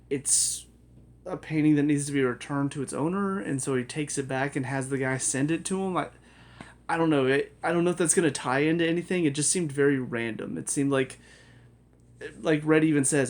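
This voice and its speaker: A man's voice: a little high, moderate pace. A man giving a casual spoken review of a TV show, rambling, correcting himself and laughing often.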